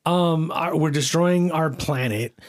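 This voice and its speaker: A man's voice: a little high, slow. A man co-hosting a podcast, ranting heatedly and swearing a lot, with frequent restarts. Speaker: podcast co-host.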